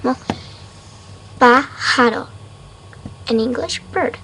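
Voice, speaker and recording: A woman of Mexican background giving a casual webcam vocabulary lesson at her desk, unsure of herself and repeating words slowly. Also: high voice, pushed and bright, slight background noise, rough recording. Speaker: amateur language teacher. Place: home room at a desk.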